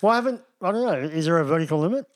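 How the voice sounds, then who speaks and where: A man's voice: a little high, expressive, racing, no room sound, studio quality. A man co-hosting a casual podcast chat, joking and playing with words. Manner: jokey, plays with words. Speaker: podcast co-host.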